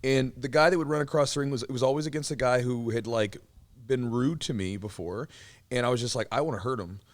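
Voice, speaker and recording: Podcast host, male, former fighter, lively anecdote-teller, medium pitch. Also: quick pace. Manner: animated, laughing, many fillers and restarts. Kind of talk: casual storytelling chat.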